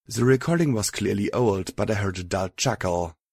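A man narrating an audiobook in a steady first-person reading. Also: fairly low pitch, normal speed, husky.

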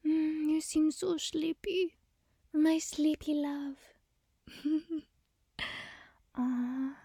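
A young woman in a whispered role-play as a girlfriend, talking softly with playful giggles. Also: sits high, little pitch movement, drawn-out words, dry recording, studio quality.

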